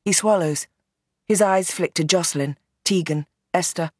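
A woman reading a novel aloud in measured, tense scripted narration. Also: fairly low pitch, darkish tone, slightly rough, dry recording, studio quality. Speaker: audiobook narrator.

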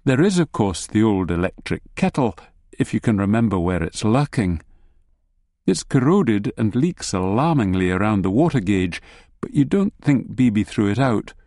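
A man's voice: on the low side, big pitch swings, normal speed, warm tone, no room sound. A man narrating an audiobook in the second person with a wry, dry humour.

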